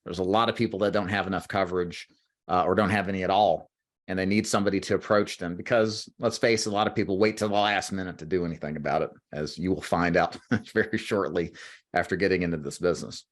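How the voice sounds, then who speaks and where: A man's voice: deep voice, steady tone, quick pace. A man hosting an interview on a video call, explaining in long runs and speaking directly to viewers. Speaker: host and agency owner. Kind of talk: interview for a recruiting livestream.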